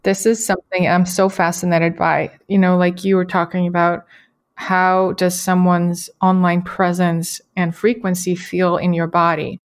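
A woman hosting an interview, speaking in a measured, reflective way and asking thoughtful questions. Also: lowish voice. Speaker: podcast host.

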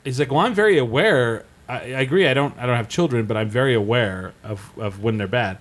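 Animated male podcast host. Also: mid-range voice, fairly quick. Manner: animated storyteller, acts out quotes in raised voices. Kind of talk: casual chat.

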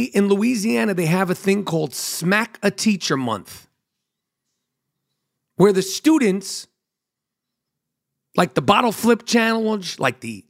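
A man's voice: high voice, gravelly. A man hosting a comedy podcast, riffing through a monologue in a hyped-up, profane, joking way. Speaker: podcast host.

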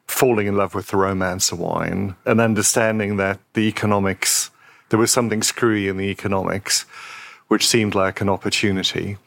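A man's voice: on the low side, a bit bright. A middle-aged man from South Africa, a company founder interviewed as a guest, telling wry anecdotes and acting out the dialogue. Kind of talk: conversational interview storytelling.

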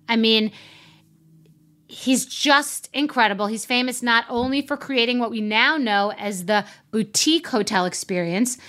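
A woman podcast host telling a joking, self-mocking story in a casual, animated way. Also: fairly high pitch.

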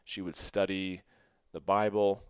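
A male podcast host with a low, smooth voice speaks flatly at a measured pace, telling a personal story. He's earnest and emotional but rambling, full of "like" and restarts. The audio is studio quality with no echo.

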